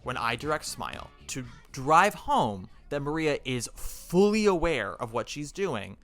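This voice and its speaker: A man hosting a casual podcast chat, animated and acting out the scenes he describes. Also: fairly high pitch, measured pace, soft background music. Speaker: podcast host.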